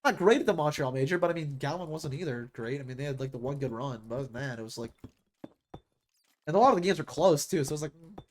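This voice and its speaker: A man's voice: fairly high pitch, animated, fast. A young man streaming, chatting casually and rambling about esports rosters, restarting his sentences often.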